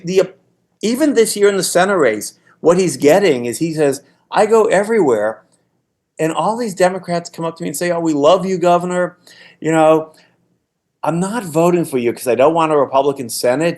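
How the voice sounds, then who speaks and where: A man's voice: a little high, animated, fairly quick, a little mellow. A man in his sixties, a former political staffer, telling anecdotes in a casual podcast conversation, often restarting his sentences. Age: 60s. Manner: anecdotal storytelling with frequent restarts.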